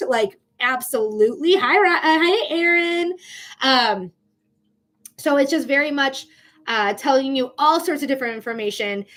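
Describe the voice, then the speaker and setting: A high-pitched woman talks through a live-stream reading in a loose, chatty way. She is blunt and drops swear words casually as she explains things to the viewer. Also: a bit bright. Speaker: psychic reader.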